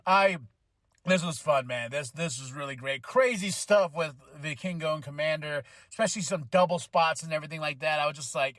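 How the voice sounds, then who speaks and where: Hyped high-voiced man reviewing wrestling. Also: brisk, dry recording. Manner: excitable, hyped, shouts when thrilled; casual slangy delivery, laughs often. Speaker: wrestling podcast host. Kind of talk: solo show review.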